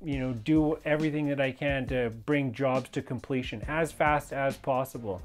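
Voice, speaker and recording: A man's voice: medium pitch, steady tone, moderate pace, faint music behind. A man telling a personal story in an intense, emphatic monologue, rambling with many fillers and restarts. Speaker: fitness and yoga instructor sharing personal stories.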